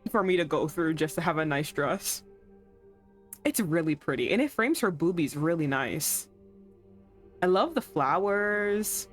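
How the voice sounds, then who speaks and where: A young woman streaming a romance game, reacting out loud with frequent swearing and exasperation. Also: lowish voice. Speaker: streamer playing a romance visual novel. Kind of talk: casual live-stream commentary. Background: faint game music.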